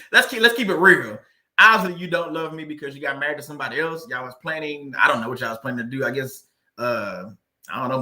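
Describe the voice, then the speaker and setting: A man hosting a casual livestream, telling a personal story and reading viewer comments, animated and laughing often, repeating words for emphasis. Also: fairly high pitch.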